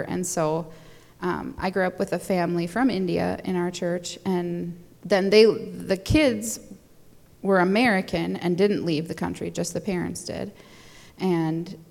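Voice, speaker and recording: A woman's voice: on the low side, creaky, darkish tone, in a large hall. A young adult woman chatting casually as a guest, rambling with fillers and little laughs. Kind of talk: casual conversation.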